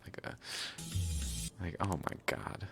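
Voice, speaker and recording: A man's voice: slow pace, over loud music. A man hosting a reaction video, talking casually over clips, swearing a lot and sounding incredulous. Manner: profane, incredulous, laughs often.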